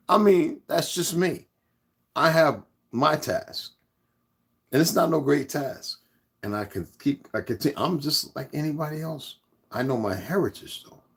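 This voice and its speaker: A man's voice: mid-range voice, gravelly, slightly rough. A man hosting his own channel, talking loosely and rambling to his viewers as "y'all". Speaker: channel host. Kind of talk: casual vlog talk to viewers.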